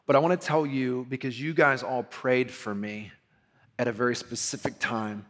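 A man, a pastor telling a personal story in a casual sermon, animated and laughing as he acts out quotes. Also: medium pitch, moderate pace.

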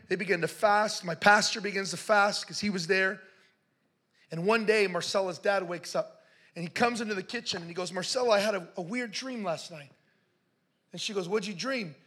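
A man telling a story in a sermon, passionate and building to shouts as he preaches. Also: high voice, normal speed.

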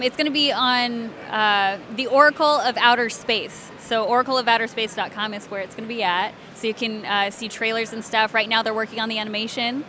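A woman's voice: a little high, bright, forceful tone, slight background noise. A woman from Alabama, chatting in an interview as a voice actress, bubbly and often giggling. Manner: bubbly and giggly, many fillers. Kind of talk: casual interview chat.

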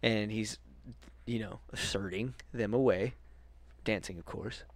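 A man's voice: lowish voice, a little slow, no echo. A young man hosting a podcast in casual chat, rambling through stories, swearing freely and restarting his sentences. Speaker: podcast host. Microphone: podcast mic.

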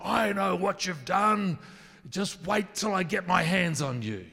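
A man voicing an angry, vengeful male deity who shouts threats loudly and aggressively. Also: sits high, animated, a little slow, gravelly, in a large hall, pitched above the performer's own voice, heavily acted. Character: furious booming male deity, vengeful father.

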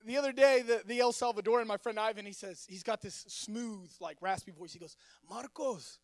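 A Texan youth pastor in his 20s, his voice unusually high, preaches at a brisk pace with fairly even intonation. He stammers and repeats words while joking with the congregation in a friendly, storytelling sermon. The church stage mic sounds dry and close.

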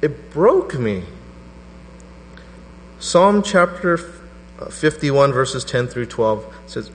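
A middle-aged man preaching a sermon to a congregation, telling a personal story with animated energy. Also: extremely slow, long pauses. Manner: animated storytelling, voice rising to a high pitch in quoted prayers. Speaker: pastor. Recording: reverberant hall with mains hum.

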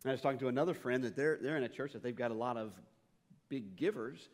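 A male pastor giving a conversational sermon, often repeating words as he restarts sentences and swinging between quiet and loud. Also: medium pitch, fast. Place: church sanctuary. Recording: long hall reverb in a church.

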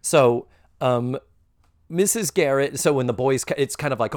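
Animated man hosting a podcast, dry mic. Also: mid-range voice, no echo. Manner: animated, camp, does quick voices of characters. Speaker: podcast host. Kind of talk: casual podcast chat.

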